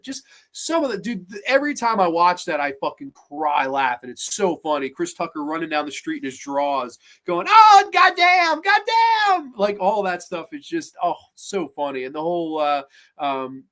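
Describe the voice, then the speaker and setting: A man hosting a podcast, retelling comedy scenes in an animated, profane, casual way. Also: fairly high pitch. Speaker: podcast host. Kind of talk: casual movie chat.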